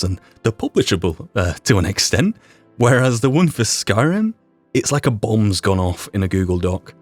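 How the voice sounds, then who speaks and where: A young Yorkshireman hosts a casual podcast retrospective, rambling and self-deprecating with some mild swearing. He's a podcast host and mod creator, and his low-ish voice is recorded with no room sound.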